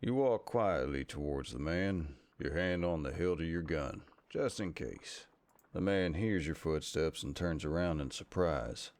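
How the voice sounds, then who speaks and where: A man giving scripted second-person narration for a game in a measured, even way. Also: very deep voice, full character voice.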